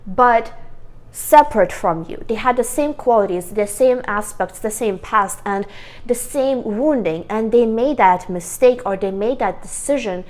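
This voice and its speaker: A woman's voice: a little high, measured pace, a little mellow. A woman with a worn, strained voice giving an earnest self-help talk to camera, stressing her points by repeating them. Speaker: vlogger.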